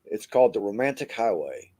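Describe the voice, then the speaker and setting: A man's voice: lowish voice, very animated, a little fast, dark tone, slightly rough. A middle-aged American man co-hosting a podcast, telling road stories in a laid-back way and saying "man" a lot. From United States. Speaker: podcast co-host. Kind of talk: casual chat.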